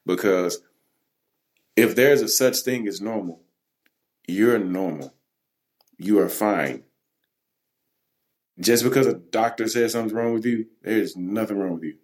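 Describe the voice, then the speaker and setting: A man hosting a podcast in casual chat, halting and repeating words as he reassures his guest. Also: on the low side, darkish tone. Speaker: podcast host.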